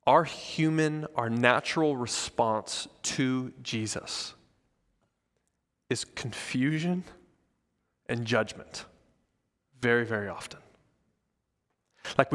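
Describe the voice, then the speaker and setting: A male pastor preaching a sermon, reading scripture and acting out the voices of the crowd in a casual, animated way. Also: mid-range voice. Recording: church hall with long reverb.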